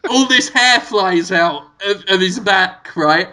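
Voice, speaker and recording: A man co-hosting a comedy podcast, spinning an absurd story with giggles and sudden shouted bits. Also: high-pitched, fairly even intonation, normal speed, few pauses, crowd noise, rough recording. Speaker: podcast co-host.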